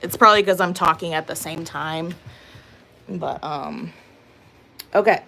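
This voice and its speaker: Chatty young woman, slightly low voice. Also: a little slow, vocal fry, sharp tone. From Massachusetts. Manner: chatty, rambling, many "like" and "um" fillers. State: a bit out of breath. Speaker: vlogger chatting with viewers. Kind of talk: casual chat while doing chores. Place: at home.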